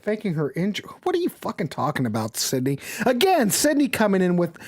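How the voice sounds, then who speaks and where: A man hosting a casual livestream chat over a video call, excitable and teasing, swearing freely as he jokes with his guests. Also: high-pitched, fairly quick. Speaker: show host.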